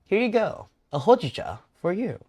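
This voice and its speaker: A man putting on a chirpy young barista in a cozy game, pitched far above his own voice and lively. Close and dry. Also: normal speed, slightly rough, no room sound, heavily acted. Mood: cheerful. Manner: high, bright, eager.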